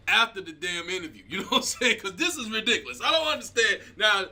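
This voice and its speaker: Animated high-voiced comedian ranting. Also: male voice, fast talker, hardly any pauses. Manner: animated, laughing, swings from loud outbursts to low mutters. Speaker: comedian hosting his own show. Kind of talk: stand-up style commentary rant.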